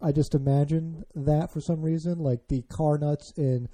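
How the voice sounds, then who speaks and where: A man's voice: a little high, steady tone, normal speed, mellow. An American man hosting a car podcast, chatting casually with frequent restarts. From United States. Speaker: podcast host. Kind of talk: casual chat.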